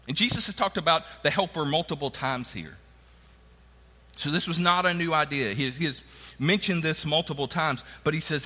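A man's voice: a little high, lively intonation, moderate pace, bright, forceful tone, big-room sound. A man preaching a sermon in a conversational way, acting out the quoted lines of the people in his stories. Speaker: pastor.

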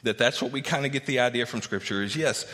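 A man, a pastor, giving a conversational sermon and Bible teaching, animated as he acts out the people he quotes, with many fillers and tag questions. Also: fast. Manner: animated, acts out quoted speakers with raised pitch. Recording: long reverb of a church hall.

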